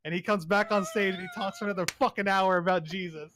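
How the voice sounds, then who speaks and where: A young man co-hosting a casual chat, telling profane, animated stories full of quoted voices. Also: high voice, quick pace, noisy background. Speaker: podcast co-host.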